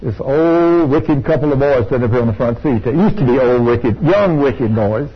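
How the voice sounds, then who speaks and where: An older man preaching a sermon and telling a healing story, with excited outbursts of praise. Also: mid-range voice, moderate pace. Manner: storytelling, rising to excited exclamations. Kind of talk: sermon with testimony. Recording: dull lo-fi sound.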